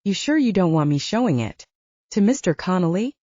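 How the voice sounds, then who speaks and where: A woman's voice: fairly low pitch, sing-song, a little fast, warm tone, no room sound, highs cut off. A woman voicing a young male werewolf who grumbles and is cautious, in an audiobook.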